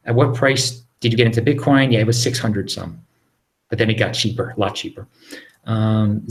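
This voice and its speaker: A man hosting a casual live question-and-answer stream from his apartment, reading out viewer questions and answering them in a lowered voice with quick restarts. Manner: animated, talks over himself with quick restarts; lowered, near-whispering voice.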